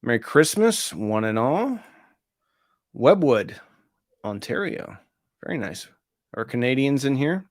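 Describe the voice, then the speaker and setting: A man's voice: medium pitch, very animated, slow pace, pauses often, dry recording, clean studio sound. A man hosting a live stream, casually reading out viewer comments and answering them. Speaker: host of an audio gear channel.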